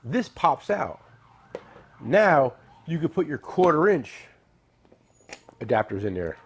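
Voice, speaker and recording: Gravelly joking tool-dealer man. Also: fairly high pitch, big pitch swings, slow pace, a little hiss or hum. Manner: joking, rambling, salesy with asides. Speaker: tool dealer and show host. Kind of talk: casual product talk and storytelling.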